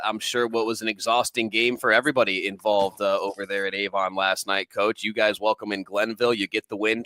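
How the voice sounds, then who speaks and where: A man hosting a local sports talk show, chatty and animated as he runs through scores. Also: lowish voice, clear, resonant tone, dry recording. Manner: chatty, animated, with quick laughs.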